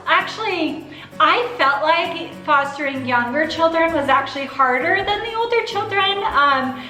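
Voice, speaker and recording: Woman in her thirties, casual vlog Q and A, earnest, high voice, roomy echo. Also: bright, forceful tone. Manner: earnest and open, fighting back tears at times. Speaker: vlogger, foster and adoptive mother.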